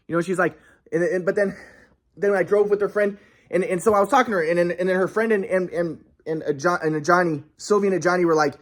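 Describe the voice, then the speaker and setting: A man's voice: high voice, fast. Agitated young man telling a rambling story. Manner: agitated, profane, many restarts.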